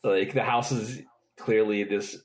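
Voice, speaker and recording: A man's voice: on the low side, steady tone, a little slow, rough recording. A man co-hosting a podcast, chatting casually, recapping scenes with frequent giggles. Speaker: podcast co-host. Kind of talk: casual chat.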